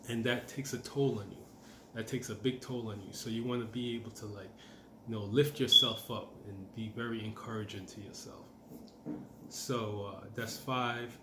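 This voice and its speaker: A man's voice: medium pitch, reverberant, background noise. A middle-aged man giving a casual, encouraging self-help talk as a manifestation coach, repeating his points and using lots of fillers.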